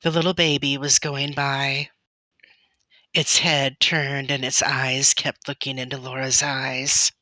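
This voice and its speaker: A woman reading a children's novel aloud in a gentle, expressive storybook manner. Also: very deep voice, slow, dry recording. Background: soft music.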